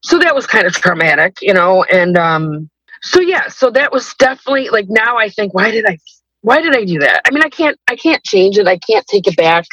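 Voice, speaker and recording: A woman's voice: medium pitch, sing-song, brisk, fairly bright tone, no room sound, poor audio. A woman telling her personal story as a guest in a podcast interview, hesitant and rambling, with many restarts.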